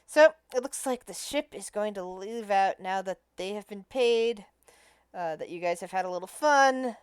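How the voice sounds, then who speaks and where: A woman's voice: mid-range voice, normal speed, clean tone, no echo. A woman running a tabletop game as game master, thinking aloud as she narrates and often restarting her sentences.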